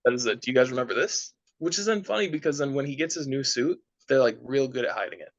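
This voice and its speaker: A man's voice: medium pitch, animated, quick pace, no room sound. Young male co-host, easygoing and hesitant, dry close sound, a bit dull. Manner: thoughtful, hesitant restarts, easygoing. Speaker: podcast co-host. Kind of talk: casual chat.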